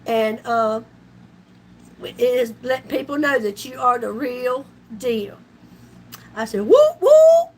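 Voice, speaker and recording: Her voice sits on the high side with fairly even intonation as this middle-aged woman chats slowly on a live stream, pausing often. Folksy and loud, she laughs frequently and uses down-home slang, with slight background noise present.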